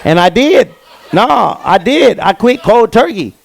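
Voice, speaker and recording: A man's voice: sits high, big pitch swings, a little slow, vocal fry. A young man doing a stand-up comedy set on stage, telling stories in street slang with lots of repeated fillers. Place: comedy stage before a live audience.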